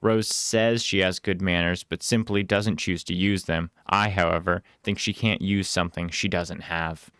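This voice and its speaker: Smooth, low-voiced man reading a story. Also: fairly even intonation, normal speed, few pauses, a bit bright, no room sound, clean studio sound.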